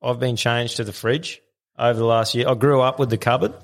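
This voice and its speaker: A man's voice: medium pitch, fairly even intonation, brisk. A man with an Australian accent hosting a casual podcast, swearing and calling his guests mate and bro. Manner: blokey, swears, calls people bro and mate. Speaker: podcast host.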